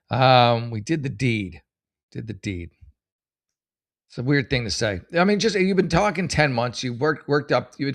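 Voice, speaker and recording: 40-something guy doing a comedy advice bit, reads posts out loud, sarcastic and rambly. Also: mid-range voice. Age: 40s. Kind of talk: casual comedic commentary reading posts aloud.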